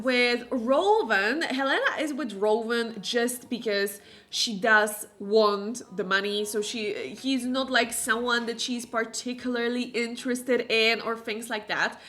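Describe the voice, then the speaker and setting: A woman streamer chatting casually through a gameplay session, exclaiming often and filling pauses with "like" and "um". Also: fairly high pitch, sharp tone. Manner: chatty, exclamatory, many fillers. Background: faint game music.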